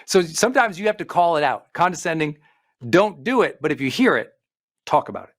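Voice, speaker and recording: A middle-aged man, a performance coach, giving an emphatic motivational talk with slowed-down stresses and listed points. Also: a little high, very animated. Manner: emphatic, preachy delivery with slowed stresses and lists.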